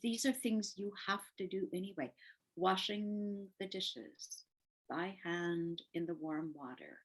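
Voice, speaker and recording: An older woman giving gentle, earnest advice to parents and teachers, often repeating words softly for emphasis. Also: lowish voice, slow pace, breathy edge, poor audio. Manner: warm, gentle advice with soft emphatic repetition. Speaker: parenting educator.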